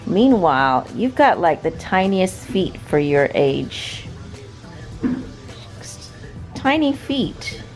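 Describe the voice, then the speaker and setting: Slow-talking woman over background music. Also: low-pitched, very animated, a little mellow. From abroad, moved to the US at about sixteen. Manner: playful and chatty, laughs often. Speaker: vlogger and mother. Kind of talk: casual family vlog chat. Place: family home indoors. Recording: clear background music under the voice.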